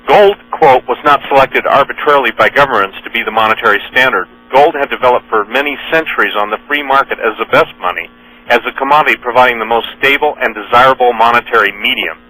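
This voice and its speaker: Guy doing a radio talk monologue, bright pushy voice, keeps fixing his own words, mains hum under it. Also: mid-range voice, quick pace, poor audio. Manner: earnest, with frequent fillers and self-corrections. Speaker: radio talk show host. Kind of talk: radio monologue reading news and quotes.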